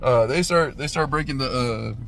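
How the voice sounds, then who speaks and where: A man in his thirties giving a casual, profane movie review, punctuating the retelling with "boom" sound effects and "right?" after nearly every line. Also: normal speed, gravelly, a little hiss or hum. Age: 30s. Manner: animated, profane, says "right?" constantly.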